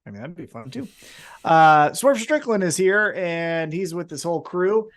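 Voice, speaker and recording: Young male podcast co-host, lively, swears freely, loose chat. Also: fairly high pitch. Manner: animated, swearing, quick asides. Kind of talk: casual wrestling podcast chat.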